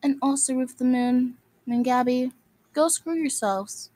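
With a high, warm voice held at a steady tone, a woman speaks without hurry. Her rant targets other video makers: scolding, insulting, and repeating itself over and over.

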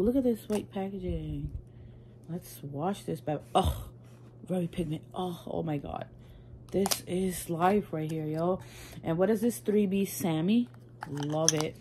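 A woman beauty vlogger chatting casually through a makeup haul, gushing and excitable. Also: on the low side, vocal fry, a little hiss or hum.

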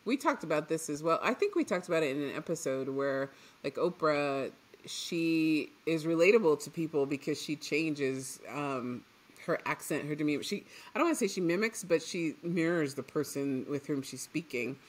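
A woman from Trinidad co-hosting a podcast in casual chat, animated and laughing often. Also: low-pitched, moderate pace. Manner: animated, laughs often, trails off mid-thought. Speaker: podcast co-host.

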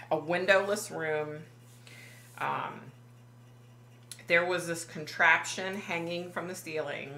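A woman with a low, bright-edged voice tells a story to her camera in a halting, emotional way, stumbling over fillers. She sounds like a psychic vlogger speaking casually to her viewers. The room is roomy, with a faint hum behind her. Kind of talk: personal vlog storytelling.

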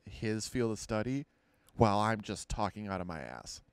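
Podcast co-host, man, lowish smooth voice, dry close sound, rambling jokey delivery. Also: animated, normal speed, no echo. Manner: joking, rambling, self-deprecating. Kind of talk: casual chat.

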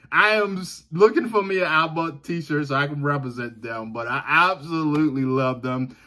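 A man's voice: on the high side, sharp tone. A man from the American South with a Southern accent, chatting enthusiastically to his viewers as a reaction video host, repeating himself and laughing often. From Southern United States. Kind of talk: casual direct-to-camera chat.

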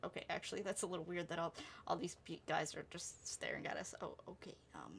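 A young woman casually commenting on her life-simulation game, chatty and giggly, often laughing and calling out loudly at what happens on screen. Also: on the low side, big pitch swings, fairly quick, gravelly, a little hiss or hum. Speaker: gameplay commentator. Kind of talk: casual let's-play commentary.

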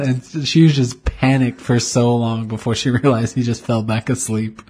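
A man's voice: mid-range voice, steady tone, normal speed, few pauses, a little mellow, slightly rough. A man in his thirties co-hosting a casual podcast, rambling through anecdotes and chuckling often. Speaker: podcast co-host. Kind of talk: casual chat.

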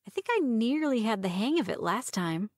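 A woman reader voicing a playful, quick-witted young woman who teases her lover. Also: a little high, big pitch swings, no echo, pitched above the performer's own voice.

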